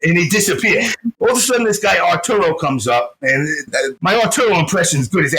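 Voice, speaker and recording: A man, telling stories on a podcast. He swears freely and acts out each person he quotes. His voice sits a little high and sounds bright and forceful. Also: brisk, poor audio. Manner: profane, animated, acts out quoted people. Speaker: podcast guest. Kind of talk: casual storytelling.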